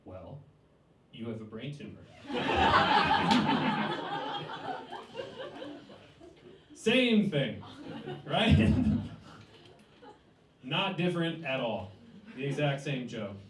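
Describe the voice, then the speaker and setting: A man's voice: a little high, slight background noise. A man from Cleveland, Ohio, doing a chatty stand-up comedy set in a small cafe. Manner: chatty, rhetorical, with many "like" and "right?". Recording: echoey cafe room, distant mic.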